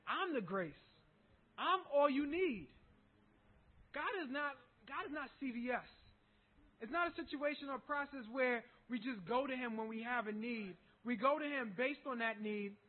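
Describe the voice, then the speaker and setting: A pastor delivering a sermon in an emphatic manner, building to loud passages. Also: male voice, extremely high pitch, normal speed. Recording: tinny phone-like recording.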